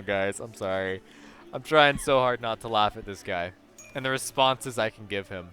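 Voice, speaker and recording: A man's voice: lowish voice, moderate pace, pushed and bright, clean tone. Giggly man doing let's play commentary. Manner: giggly, stumbling asides. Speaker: gamer.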